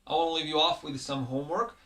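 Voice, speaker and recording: Man, Hebrew native speaker, language instructor, slightly high voice, methodical lesson delivery, occasional fillers. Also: fairly even intonation, fast, fairly bright tone. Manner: patient, methodical word-by-word teaching with occasional "uh" fillers.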